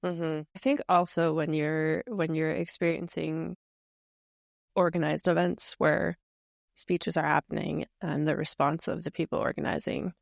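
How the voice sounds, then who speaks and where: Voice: medium pitch, little pitch movement, a little slow, vocal fry, no room sound, studio quality. A podcast host in casual conversation who talks reflectively and hesitantly, with many fillers.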